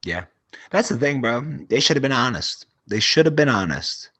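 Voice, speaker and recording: A young man co-hosting a podcast, telling absurd comic stories with crude, deadpan exaggeration. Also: medium pitch, normal speed, no room sound.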